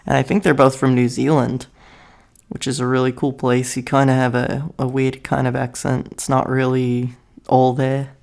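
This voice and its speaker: A man's voice: medium pitch, monotone, normal speed, gravelly, a little mellow. A young American man talking casually to his camera, rambling and correcting himself, often laughing. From United States. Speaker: vlogger.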